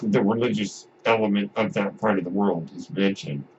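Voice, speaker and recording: A man's voice: on the low side, moderate pace. Guy on a podcast musing about movies, lots of restarts, slight hiss behind him. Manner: rambling, with frequent restarts and asides. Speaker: podcast host. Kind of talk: casual film commentary. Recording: dull lo-fi audio with faint noise.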